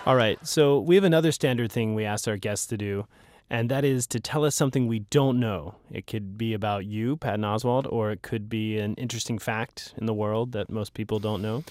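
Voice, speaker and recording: A man hosting a public radio interview, asking questions in a relaxed, amiable way. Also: on the low side, fairly quick, no room sound, studio quality. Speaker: radio host. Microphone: studio microphone.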